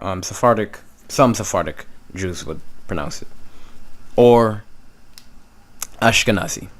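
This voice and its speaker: A man teaching beginners, explaining letter sounds slowly and checking in with "okay?" after each one. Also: on the low side. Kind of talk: slow classroom explanation.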